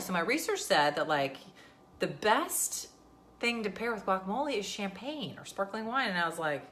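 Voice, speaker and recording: A woman's voice: mid-range voice, very animated, normal speed, a bit bright. A woman, talking casually and sarcastically to camera as a vlogger. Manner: chatty, sarcastic, venting.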